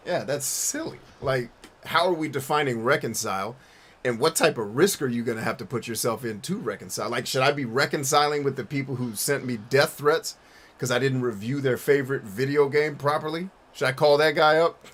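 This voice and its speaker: A man's voice: medium pitch, brisk, a bit bright. A man streaming a game and answering his chat in a blunt, profane, rambling way, often restarting his sentences. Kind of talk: casual chat while gaming.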